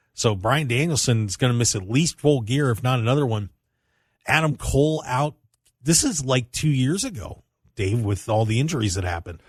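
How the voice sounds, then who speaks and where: Teasing his co-host in easy banter, a man hosts a wrestling radio show with an animated style, his pitch leaping upward when he reacts. The sound is studio quality with no echo.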